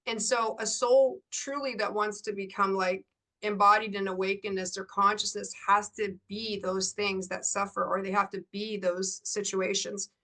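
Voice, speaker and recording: A middle-aged woman coach, a guest in an interview, telling a story in lively bursts and laughing often. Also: medium pitch, normal speed.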